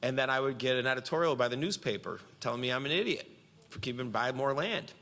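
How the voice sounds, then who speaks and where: A man's voice: mid-range voice, quick pace, pushed and bright, big-room sound. A man giving a conference speech from Central New York, telling a story and quoting himself and others with animation.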